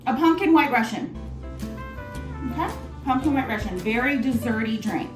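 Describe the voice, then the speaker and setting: A woman's voice: on the high side, animated, moderate pace. A woman bartender giving a casual, chatty cocktail tutorial at home, bubbly and swearing offhandedly. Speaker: bartender at a lounge. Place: home kitchen or bar area of an apartment. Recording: roomy echo with music behind.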